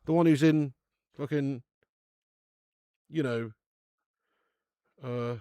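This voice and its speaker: A man's voice: mid-range voice, very slow, warm tone, clear, resonant tone, no echo. A young man hosting a football watch-along stream, chatting casually with viewers and swearing freely. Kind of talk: casual live-stream chat and match commentary.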